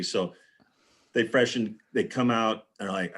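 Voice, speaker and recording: Guy with a lowish voice rambling through a story on a video call. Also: measured pace, fairly bright tone. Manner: rambling storyteller, acts out quotes. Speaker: panel guest. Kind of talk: casual anecdote on a live video panel.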